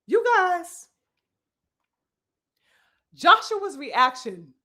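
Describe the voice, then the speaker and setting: Woman live-stream boxing commentator, high bright voice, animated and profane. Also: very slow. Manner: animated, profane, addresses viewers as brothers and sisters.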